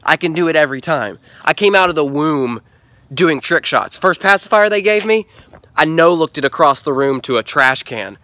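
Man playing a smug trick-shot show-off, bright and loud, bragging nonstop. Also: a little high, animated, normal speed, no room sound. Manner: boastful, bragging. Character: cocky young male trick-shot video star.

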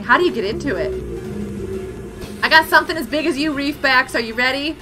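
A young woman streaming gameplay, excitable and giggly as she exclaims over what she finds. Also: high voice, fairly quick. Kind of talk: live gameplay commentary. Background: game music.

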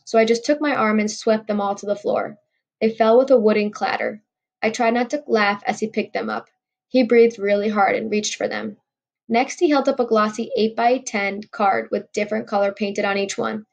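Woman audiobook reader, middle pitch, gravelly, wry first-person storytelling. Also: steady tone, normal speed, a little mellow. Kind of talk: reading a novel aloud.

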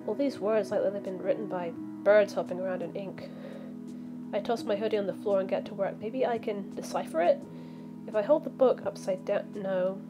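A woman reading a visual novel aloud as a let's play streamer, voicing the lines and breaking off into animated asides. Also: medium pitch. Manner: animated, reacts with outbursts and asides. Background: background music.

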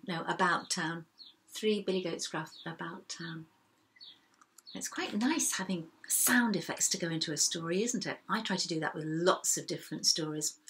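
A middle-aged woman reading a children's story aloud, expressive and animated, with sing-song sound effects. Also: on the low side, low-quality recording.

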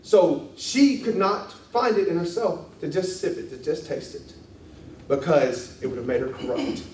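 A man teaching a church class in a casual, animated way, often acting out quoted voices and laughing. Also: on the high side, moderate pace. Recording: echoey room, distant mic, faint hiss.

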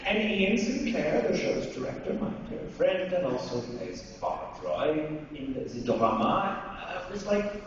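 A male voice actor on a convention panel, telling an animated anecdote to a live audience with quick asides. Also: a little high, lo-fi sound. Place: large convention hall. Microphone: audience camera far from the stage. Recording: echoey convention hall, far off, noisy.

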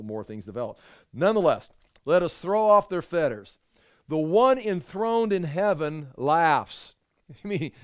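A man's voice: medium pitch, no room sound, clean studio sound. A man teaching through a Bible passage verse by verse, earnest and conversational, often restarting his thoughts mid-sentence.

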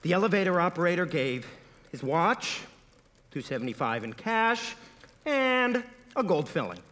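A man's voice: sits high, big pitch swings, a little slow, fairly bright tone, big-room sound, a little hiss or hum. A man narrating a comedy sketch on stage in a mock-dramatic tone, correcting himself as he goes. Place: theater stage.

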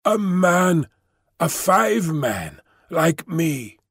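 An eager ape-man gabbles slowly and excitedly, voiced by a man. His voice sits a little high and sounds dry and close. It is a character in an audiobook. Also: vocal fry, husky, no echo, exaggerated voice.

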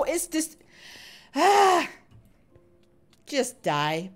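A woman's voice: a little high, sing-song, normal speed, long pauses, faint music behind. A woman livestreaming a video game, chatting with viewers, laughing often and calling them sweetheart and buddy. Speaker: gaming livestreamer. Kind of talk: live game commentary and chat.

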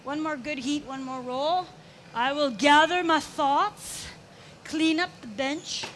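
A woman's voice: high voice, slow pace, a bit bright. A middle-aged woman from Canada giving a chatty, playful live glassblowing demonstration, narrating each step with sing-song counting. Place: glassblowing studio. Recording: noisy hot shop.

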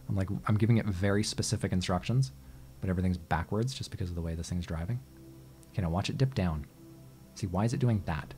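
Male gaming host, low-ish voice, casual let's-play commentary, exasperated and foul-mouthed, talks back at the game. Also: a little fast, darkish tone, soft background music.

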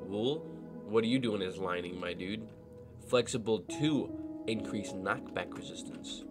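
A young man with a nasal voice, just woken up, chatting casually over gameplay and joking to himself. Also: medium pitch. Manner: talks to himself, joking asides and silly voices. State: just woke up. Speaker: gaming video creator.

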